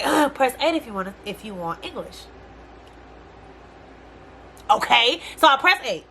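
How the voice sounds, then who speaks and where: A young woman vlogging a casual storytime rant, animated and exasperated, swearing freely in slangy speech. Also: a little high, a little hiss or hum.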